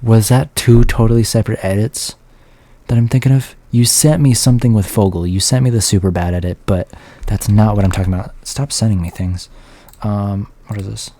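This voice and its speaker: A man's voice: fairly low pitch, steady tone, brisk, dark tone. Tired, rambling man streaming a game. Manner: rambling, self-mocking, talking to chat. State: tired, keeping his voice down late at night. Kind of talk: casual live-stream commentary.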